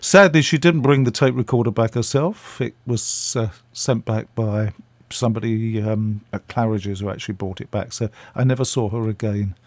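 A man's voice: on the low side, moderate pace, no echo. An older man, a radio guest telling chatty, self-deprecating stories and acting out the voices. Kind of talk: anecdotal storytelling.

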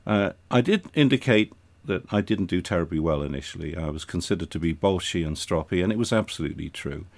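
A man's voice: deep voice, expressive, quick pace, gravelly, no echo. An older man, a retired air force officer, reminiscing in an interview with dry humour. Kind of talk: reminiscing in conversation.

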